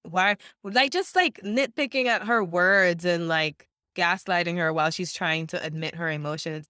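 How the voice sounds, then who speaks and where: Woman podcast co-host, bright voice, dry close sound, blunt and animated with laughs. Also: on the low side, moderate pace, clean tone, no room sound. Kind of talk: casual chat.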